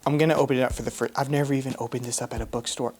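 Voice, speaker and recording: A woman hosting a casual unboxing vlog about manga, excitable and exclamatory, with slangy chat to her viewers. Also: a bass voice, racing, husky. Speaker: manga reviewer.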